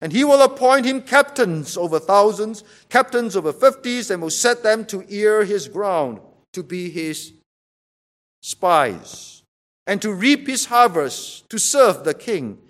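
A man's voice: sits high, expressive, a little slow. A man preaching a sermon, emphatic and repeating rhetorical questions to drive his point home.

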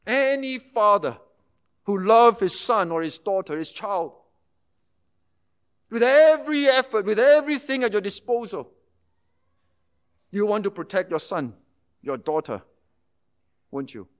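A man delivers a sermon in a strikingly high voice. He explains calmly, then builds to fervent, emphatic passages before sinking back to soft, hushed tones. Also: measured pace, pauses often, clear, resonant tone. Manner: impassioned, rising to emphatic intensity then dropping to near-hushed tones. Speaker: preacher.

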